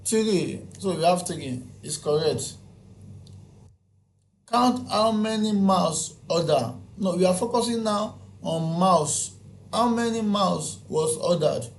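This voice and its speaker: A man walks through a spreadsheet lesson at a slow, deliberate pace. His voice sits a little high for a man. He counts entries aloud and asks himself questions before he answers them. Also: lively intonation, a little hiss or hum. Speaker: spreadsheet tutor. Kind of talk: screen-recorded software tutorial.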